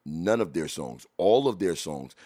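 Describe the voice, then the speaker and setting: A man hosting a podcast, reacting to old videos in blunt, profane casual chat, laughing loudly as he jokes, into a studio mic. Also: deep voice, expressive, a little slow, slightly rough. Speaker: podcast host.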